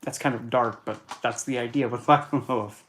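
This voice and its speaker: A man's voice: mid-range voice, steady tone, a little fast, a bit bright. A man talks loosely and bluntly in a casual monologue. He jokes darkly and keeps correcting himself as he goes. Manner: chatty and blunt, darkly joking, self-correcting. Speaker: occult and astrology vlogger.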